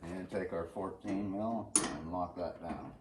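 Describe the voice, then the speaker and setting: A man's voice: low-pitched, slow. A man hosting a casual DIY vlog, talking to himself as he works with tools in a cold home garage. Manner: relaxed, talking to himself while working with tools. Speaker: channel host. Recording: roomy garage echo, faint noise.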